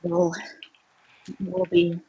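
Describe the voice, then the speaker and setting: A woman playing her character in a tabletop game, speaking hesitantly with many pauses and fillers. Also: on the low side, monotone, lo-fi sound, slight background noise. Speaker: player.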